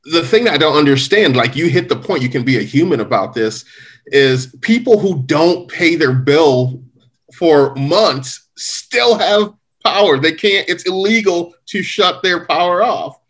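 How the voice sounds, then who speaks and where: A man's voice: a little high, expressive, measured pace. A man co-hosting a podcast, chiming in casually with incredulous questions. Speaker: podcast co-host. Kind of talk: casual chat.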